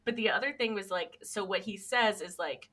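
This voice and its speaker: A woman co-hosting a podcast, chatting casually about a cartoon, relaxed and wry, with lots of fillers. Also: mid-range voice, moderate pace. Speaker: podcast co-host. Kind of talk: casual chat recapping a cartoon.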